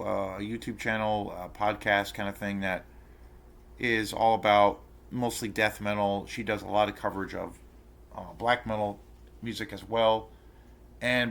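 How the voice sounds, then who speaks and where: A man with a fairly low voice rants to camera in a casual vlog. He rambles, swears freely and restarts his sentences, sounding indignant and outraged throughout. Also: a bit bright. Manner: rambling, profane storytelling full of fillers and restarts. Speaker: channel host ranting to camera.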